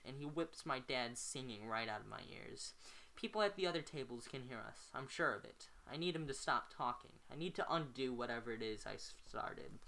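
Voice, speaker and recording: A woman's voice: very deep voice, sharp tone. A woman reading a novel aloud at home, often stumbling and correcting herself on words. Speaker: amateur reader.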